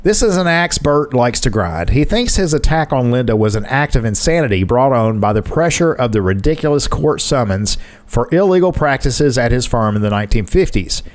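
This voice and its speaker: A man's voice: mid-range voice, very animated, moderate pace. A man co-hosting a casual podcast, reading an article aloud with joking asides and frequent laughs. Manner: reads quotes with joking asides, laughs often. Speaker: podcast co-host.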